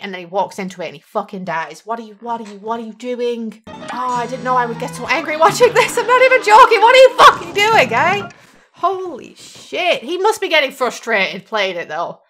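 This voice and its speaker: A woman with a high voice talks over game footage in loose, sarcastic commentary. She sounds exasperated and swears freely. Music plays clearly behind her. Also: animated, fairly quick, a bit bright. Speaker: gaming YouTuber reacting to a video. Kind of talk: casual reaction commentary.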